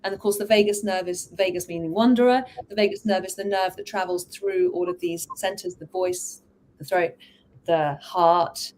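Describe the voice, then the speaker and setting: A woman hypnotherapist and vocal coach explaining her methods in a casual, enthusiastic conversation, quoting people with animated voices. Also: fairly low pitch, normal speed, a little hiss or hum.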